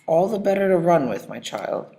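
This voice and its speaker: A man voicing a sly, hungry wolf in a read-aloud storybook, coaxing and drawn-out. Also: high-pitched, sing-song, gravelly, dark tone, roomy sound, voice pushed up, heavily acted. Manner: coaxing then menacing, drawn-out lines. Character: sly hungry male big bad wolf.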